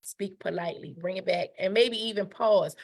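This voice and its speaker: An emphatic woman talks through etiquette in a relaxed teaching style. She repeats her main points, keeps asking "right?", and drops into short acted-out voices when she quotes someone. Her pitch sits in an ordinary middle range. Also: moderate pace. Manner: emphatic, repeats key phrases, asks "right?"; acts out quoted speech. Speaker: etiquette educator. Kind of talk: conversational teaching talk.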